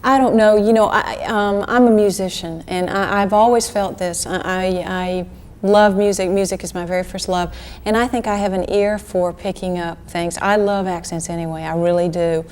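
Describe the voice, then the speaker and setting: A woman in her thirties chats as a guest in an old TV interview. She talks animatedly, tumbling over her words and restarting sentences. Her voice sits at a middling pitch. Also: moderate pace, clean tone. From Georgia, US. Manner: animated, chatty, many restarts and laughs. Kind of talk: casual interview chat. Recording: archive 1980s TV interview.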